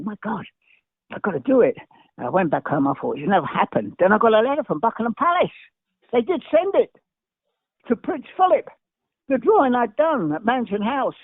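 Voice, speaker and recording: Speaking high with a breathy edge, an older English guest tells lively anecdotes very fast, skipping between tales and tripping over his words. There's no echo; the line sounds dry and tinny, much like a phone.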